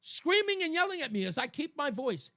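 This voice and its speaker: High, animated talk radio man. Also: fairly quick, dry recording, studio quality. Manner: emphatic, argumentative, swings between loud and low. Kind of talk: opinion monologue on radio.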